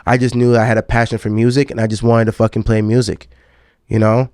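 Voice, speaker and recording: A man's voice: mid-range voice, flat delivery, quick pace, a little mellow, clean tone, no echo, clean studio sound. A man in his thirties, a podcast host and DJ, telling a long personal story in a casual, profane way and often calling the listener "dog.". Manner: laid-back and profane, calls the listener "dog".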